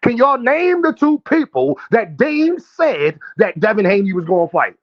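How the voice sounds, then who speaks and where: A man's voice: high-pitched, very animated, normal speed. A man hosting a live boxing stream, talking brash and profane trash while calling out viewers in his chat. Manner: addresses chat directly, calls out viewers. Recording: dull lo-fi stream audio.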